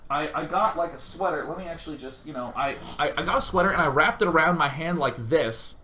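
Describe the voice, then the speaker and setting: A man hosting a gaming stream, telling a comic story in an animated, self-mocking way with loud outbursts. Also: a little high, quick pace, slight background noise. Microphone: streaming setup facing a webcam.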